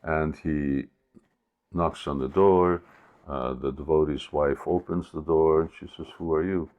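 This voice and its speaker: A man telling a devotional story as a spiritual teacher in a sermon, unhurried and hesitant, with many pauses. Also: extremely low pitch, fairly even intonation, phone-quality sound.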